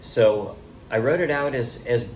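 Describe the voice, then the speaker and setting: Relaxed man explaining ukulele strums. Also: mid-range voice. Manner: relaxed, halting explanations with counting and calling out strums. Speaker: ukulele teacher. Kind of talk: casual music tutorial.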